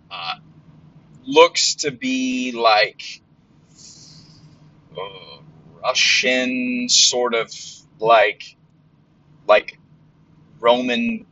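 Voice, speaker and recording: A man talks through his podcast in a loose, rambling monologue, blunt and full of fillers and the odd curse. His voice is bright and forward. The recording is a little dull and lo-fi. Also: medium pitch. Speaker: podcast host. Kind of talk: casual monologue.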